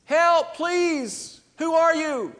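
A preacher acting out a desperate man hanging from a cliff, shouting and pleading for help in a high, strained voice. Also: animated, extremely slow, in a large hall, exaggerated voice. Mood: panicked pleading.

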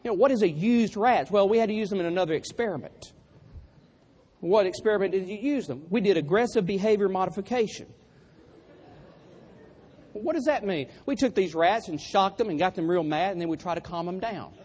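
A man's voice: sits high, a little fast, a little mellow, slightly rough, some chatter behind. A man preaching a sermon through humorous, self-deprecating storytelling.

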